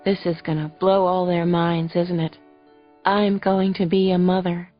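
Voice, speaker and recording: A woman reading the part of a tender young woman who has just become a mother, speaking softly and breathlessly. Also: lowish voice, little pitch movement, a little slow, natural voice. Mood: hushed wonder. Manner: soft, hushed and breathless. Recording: dull lo-fi audio, faint music.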